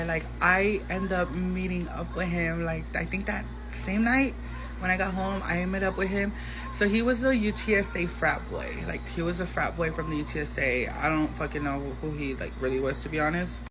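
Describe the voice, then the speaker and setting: A man's voice: high-pitched, a little fast. Guy doing a gossipy storytime, acts out voices, noisy background. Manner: gossipy and animated, acting out quoted voices. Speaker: storyteller in a social media clip. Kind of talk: casual storytime.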